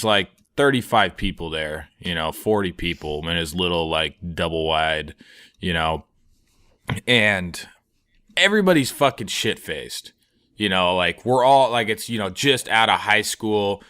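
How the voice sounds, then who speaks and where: A man's voice: lowish voice, bright, forceful tone, smooth. A man in his twenties on a comedy podcast, telling a story in a rambling, profane way, full of fillers. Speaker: podcast co-host. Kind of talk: casual storytelling chat.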